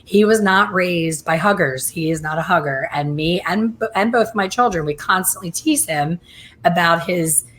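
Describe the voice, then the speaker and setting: A middle-aged woman hosting a casual chat, telling lively stories and acting out other people's voices. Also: on the low side, normal speed, slight background noise. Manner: animated, acts out quoted voices. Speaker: host.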